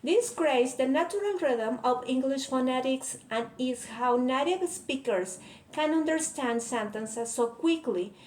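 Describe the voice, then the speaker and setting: A woman's voice: sits high, lively intonation, measured pace, darkish tone. A woman whose first language is Spanish, carefully reading a prepared explanation as a student presenter. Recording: echoey room, faint ambient noise.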